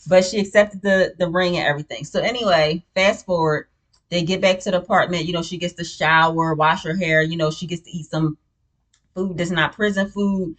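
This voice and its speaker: A woman's voice: on the low side, steady tone, fairly quick. A woman recapping a reality show in casual, blunt, opinionated chat, with many "you know what I'm saying" fillers.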